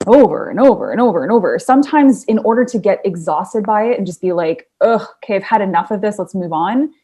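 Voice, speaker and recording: A woman's voice: mid-range voice, expressive, fast talker, warm tone, breathy edge. A woman co-hosting a podcast in casual chat, bubbly and rambling, often breaking into laughter. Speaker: podcast co-host.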